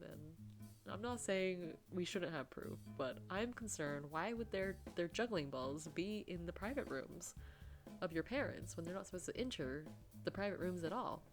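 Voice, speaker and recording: A woman's voice: fairly low pitch, animated, normal speed, over music. A young woman streamer making chatty, reactive asides while playing a visual novel. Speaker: game streamer. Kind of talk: casual commentary between reading.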